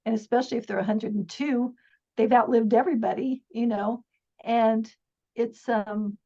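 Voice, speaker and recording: A woman's voice: fairly high pitch, fairly even intonation, normal speed, dark tone. A middle-aged woman telling stories as a podcast guest in an earnest, chatty way, often laughing and restarting her sentences. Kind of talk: casual storytelling interview. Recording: dull lo-fi sound.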